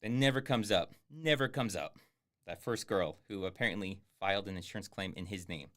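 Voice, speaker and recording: A man's voice: lowish voice, brisk, a bit bright. A man giving sarcastic, swearing live commentary on a film as he streams it. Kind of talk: casual livestream commentary.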